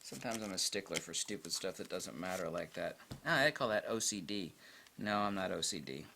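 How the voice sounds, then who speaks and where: A man rants bluntly into the camera, cursing freely and punching his points hard. His pitch swings widely between grumbles and outbursts, and his tone is bright and sharp. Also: animated, fairly quick, gravelly, slight background noise. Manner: blunt, profane, emphatic ranting. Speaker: photography channel host. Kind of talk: ranting vlog monologue.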